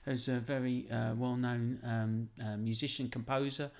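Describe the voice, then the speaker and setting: A man's voice: medium pitch, flat delivery, normal speed, gravelly, a little mellow. A man hosting a casual live-streamed interview, chatty and full of fillers, often addressing his viewers. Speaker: host.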